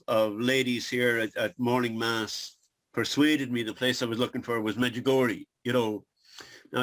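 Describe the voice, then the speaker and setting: A man with an Irish accent, a guest telling his story over a video call in a halting, earnest way. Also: mid-range voice, fairly bright tone, no echo. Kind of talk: casual interview on a video call.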